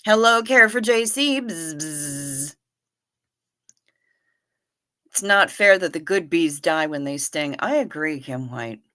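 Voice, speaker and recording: A livestream host with a low, expressive voice that sounds pushed and bright talks in an unhurried, folksy way. She reads comments, greets viewers by name, calls them honey, and hums or sings doo-doo fillers.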